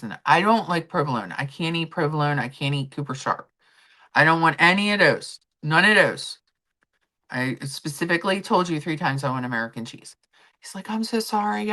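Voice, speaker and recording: A woman's voice: sits low, fairly bright tone. A woman hosting a live stream, chatting casually and telling stories while reading messages from her chat.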